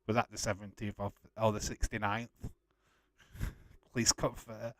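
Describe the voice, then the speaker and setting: Slow-talking man with a dry sound. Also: lowish voice, little pitch movement, fairly bright tone, dry recording. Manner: chatty, laughs often, lots of fillers. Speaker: watch-along host. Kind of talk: casual live-stream chat.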